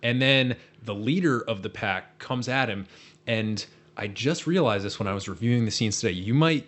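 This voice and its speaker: A man's voice: medium pitch, normal speed, fairly bright tone. A man hosting a casual podcast, eagerly retelling a favorite movie scene and often repeating words as he goes. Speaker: podcast host.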